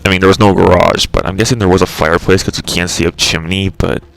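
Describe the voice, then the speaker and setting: A man's voice: low-pitched, fairly even intonation, fast talker, vocal fry, fairly bright tone, soft background music, poor audio. A man hosting his own channel, talking in a rambling, exasperated way with frequent swearing. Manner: rambling, profane, exasperated ranting. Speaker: channel host. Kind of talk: casual rambling video commentary.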